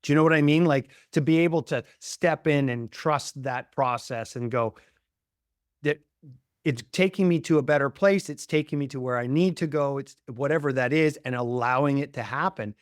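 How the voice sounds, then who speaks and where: A man's voice: mid-range voice, moderate pace, no room sound, clean studio sound. A man hosting an interview podcast, talking reflectively and searching for words, often saying "you know" and "like". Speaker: podcast host. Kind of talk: conversational interview.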